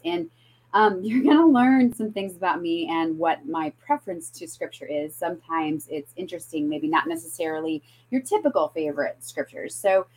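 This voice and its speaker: A woman's voice: mid-range voice, rough recording. Chatty woman teaching scripture. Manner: chatty and animated, many fillers and restarts. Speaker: Bible teacher hosting a scripture show. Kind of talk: casual Bible teaching.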